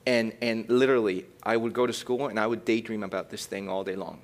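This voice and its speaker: A young man preaching a youth sermon, shifting between loud emphatic bursts and quiet, reflective passages. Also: on the low side, steady tone, a little fast. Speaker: youth pastor.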